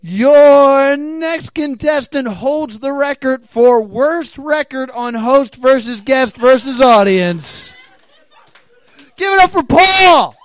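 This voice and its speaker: A show host loudly announcing the next performer, dragging out the words. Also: high voice, animated, dry recording. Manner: shouted, drawn-out announcing.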